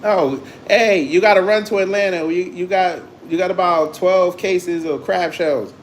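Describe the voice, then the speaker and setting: A man's voice: high voice, a little slow, slight background noise. Teasing New man with a laugh. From New York. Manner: teasing, slangy, laughs often. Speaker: livestream host. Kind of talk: casual livestream banter with chat.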